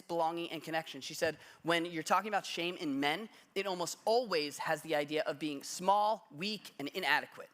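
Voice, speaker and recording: Bright-voiced man preaching, lightly humorous. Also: on the high side. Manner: conversational storytelling with self-deprecating humor. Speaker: pastor. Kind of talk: sermon. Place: church sanctuary.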